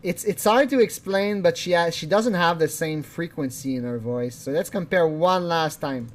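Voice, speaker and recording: A man's voice: fairly high pitch, moderate pace. A man hosting a casual video commentary, rambling along with chuckles and restarts. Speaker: channel host.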